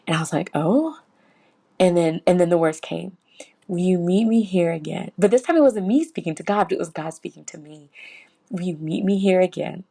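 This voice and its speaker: A woman's voice: on the low side, expressive, moderate pace, gravelly, mellow, breathy edge. Earnest, emotional woman podcaster. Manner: earnest and heartfelt, many fillers and restarts. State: close to tears. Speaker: podcast host. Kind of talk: personal faith reflection, casual monologue.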